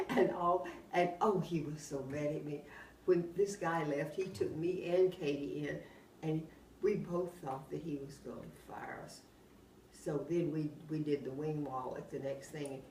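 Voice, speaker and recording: A woman's voice: deep voice, unhurried. Older woman telling rambling stories. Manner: rambling, animated, often laughing while telling anecdotes. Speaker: oral history interviewee. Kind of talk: casual storytelling. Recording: roomy, distant mic, faint background hum.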